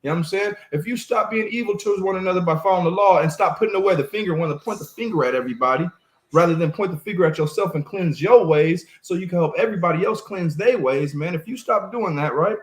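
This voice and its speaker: A man's voice: high-pitched, fast. A man leading a casual Bible discussion, emphatic and preachy, who keeps adding "man" to his phrases. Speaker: Bible study leader. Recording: echoey room.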